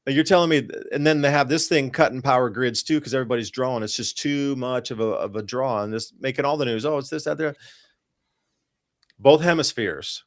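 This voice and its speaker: A man hosts a live podcast show and walks his listeners through forecast charts. His voice sits at an ordinary middle pitch, and his delivery is urgent and emphatic. He rambles loosely and often restarts his sentences. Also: a little fast, few pauses. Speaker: podcast host. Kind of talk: live-show commentary over weather charts.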